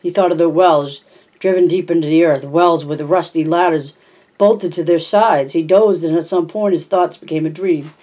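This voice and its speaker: A woman reading a novel aloud in a steady, plain narrating manner, with small slips now and then. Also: lowish voice, moderate pace. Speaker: audiobook reader.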